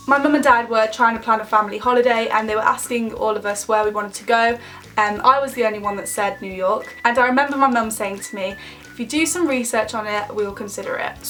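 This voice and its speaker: Brief: chatty twenties woman, Midlands English accent, fairly high voice, faint music underneath. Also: fairly bright tone. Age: 20s. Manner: chatty and bubbly, many "like" fillers. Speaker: YouTuber. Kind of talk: casual Q&A vlog chat.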